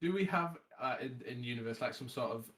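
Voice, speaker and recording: A man's voice: mid-range voice, fairly quick. A man playing a tabletop game, joking and interrupting himself. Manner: joking, lively, self-interrupting. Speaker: player. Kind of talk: casual play chat.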